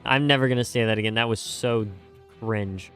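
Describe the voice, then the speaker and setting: Rambling young male streamer, smooth voice. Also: medium pitch, steady tone, normal speed, fairly bright tone, soft background music. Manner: rambling, jokey, self-mocking, many fillers and restarts. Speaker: streamer reacting to game music. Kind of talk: casual live-stream chat.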